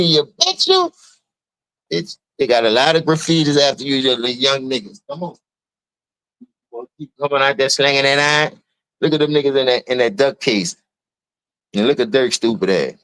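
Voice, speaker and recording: A man with a New Orleans accent streaming an unscripted, profane rant to his listeners. He keeps calling them dog and bro, and he swings between low mutters and sudden high outbursts. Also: a bit bright, no room sound. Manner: repeats words, addresses listener as dog and bro. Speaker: streamer giving a spoken open letter.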